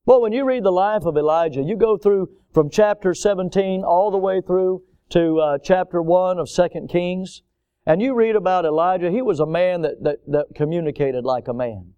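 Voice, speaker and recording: A man's voice: high voice, normal speed, warm tone, clean tone, muffled recording. A man preaching a sermon, emphatic, repeating words and phrases for stress.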